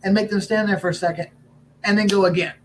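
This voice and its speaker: A man's voice: high voice, quick pace, a little hiss or hum, rough recording. A man who is a wrestling referee, from Augusta, telling stories as a guest and acting out lines with a raised voice. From Augusta, Georgia. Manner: animated storyteller who acts out lines in a raised voice. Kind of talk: casual interview storytelling.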